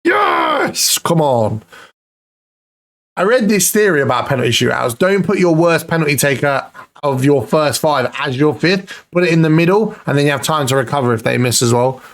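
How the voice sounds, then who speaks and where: A man commentating his own football management game, excitable and pleading at the screen, swearing now and then. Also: fairly high pitch, moderate pace. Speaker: gaming YouTuber.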